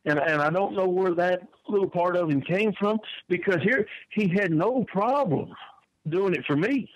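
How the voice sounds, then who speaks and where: A man's voice: high-pitched, moderate pace, no room sound, lo-fi sound. An older man, telling wrestling stories in a folksy way and often repeating his words. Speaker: wrestling manager guest. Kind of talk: storytelling interview answer.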